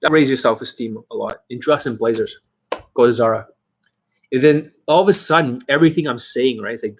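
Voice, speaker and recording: A dating coach rants on a livestream, profane and confrontational, in a husky man's voice at a middle pitch. He hammers at the listener with blunt, repeated questions. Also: a little fast.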